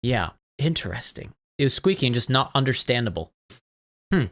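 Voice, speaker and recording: A man's voice: mid-range voice, very animated, normal speed, fairly bright tone. A man streaming a game, chatting casually and rambling while troubleshooting his audio. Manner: rambling, troubleshooting audio with chat, laughs often. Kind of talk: casual live-stream chat.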